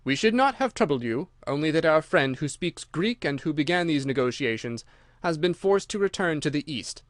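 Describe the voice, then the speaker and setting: Older male villain, menacing, nervous giggle, pitched up, as a male audiobook reader puts him on. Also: lively intonation, moderate pace, no room sound, clean studio sound, natural voice. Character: sinister giggling older man, cruel and twitchy.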